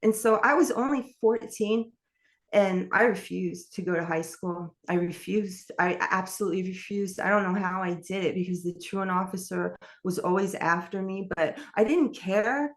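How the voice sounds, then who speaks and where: A middle-aged New York woman with a medium-pitched voice speaks at a moderate pace. As an interview guest, she rambles candidly through her life story, laughing often.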